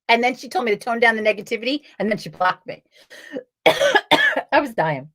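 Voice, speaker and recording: A woman's voice: fairly high pitch, sing-song, moderate pace, long pauses, a bit bright. Blunt, profane woman streaming live. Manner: blunt and profane, reads viewer comments aloud. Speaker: host of a live tarot card stream. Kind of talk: casual live-stream chat.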